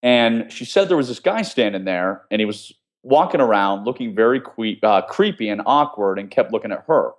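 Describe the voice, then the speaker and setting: Steady low-voiced man explaining. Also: normal speed, hardly any pauses. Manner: steady, instructive, explains step by step with examples. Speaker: guest, former CIA officer teaching escape skills. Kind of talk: conversational interview.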